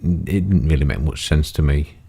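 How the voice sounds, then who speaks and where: A man's voice: very deep voice, moderate pace, creaky, mellow, husky. An older man giving rambling, chatty commentary on his own gameplay, full of tag questions and self-mocking asides. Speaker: gaming YouTuber.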